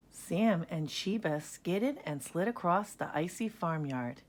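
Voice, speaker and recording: Soft-spoken woman reading a children's story. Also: sits low, animated, takes it slowly, hardly any pauses. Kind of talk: children's read-aloud narration.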